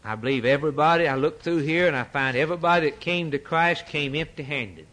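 A man's voice: a little high, quick pace, fairly bright tone. Emphatic folksy preacher, a man. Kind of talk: sermon.

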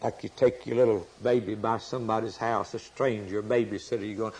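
A man preaching a sermon with passion, his voice rising to sudden loud peaks. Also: fairly low pitch, steady tone, fairly quick, hardly any pauses, breathy edge, poor audio.

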